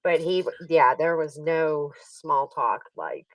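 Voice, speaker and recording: A woman's voice: low-pitched, takes it slowly, dry recording, far from the mic, rough recording. A woman hosting a casual stream chat. She tells stories animatedly, laughs often and acts out what other people said. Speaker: livestream host.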